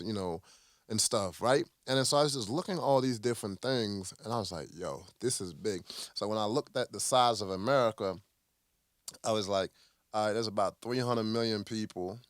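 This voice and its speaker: A man from Chicago, a podcast guest, chatting casually and telling a lively story, often acting out other people's lines. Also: fairly low pitch, dry recording, clean studio sound. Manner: animated storyteller, acts out quoted voices, lots of fillers. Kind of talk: casual interview chat.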